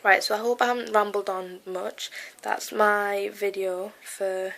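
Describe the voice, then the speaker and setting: A young woman vlogging at home, rambling excitedly with lots of "like" and "oh my God". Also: medium pitch, a little slow, gravelly, poor audio. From United Kingdom. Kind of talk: casual vlog recounting a concert.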